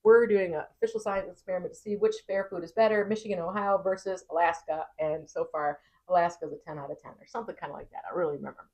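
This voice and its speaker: Animated woman telling a story. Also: on the low side, fast, few pauses, rough recording. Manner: animated, acts out quoted lines. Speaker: TV meteorologist and vlog co-host. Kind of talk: casual storytelling chat.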